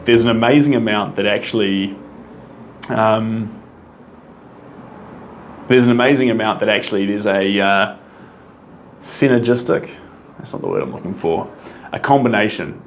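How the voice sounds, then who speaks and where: A man's voice: on the low side, normal speed, long pauses, slight background noise. A man with a New Zealand accent, an artist answering viewer questions in a casual live Q&A, reading questions out and replying off the cuff.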